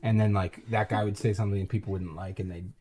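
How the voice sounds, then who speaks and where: A man's voice: fairly low pitch, fairly even intonation, quick pace, warm tone. A man playing a tabletop role-playing game in character, rambling and jokey with lots of fillers. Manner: rambling and jokey, full of "like" and restarts. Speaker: player.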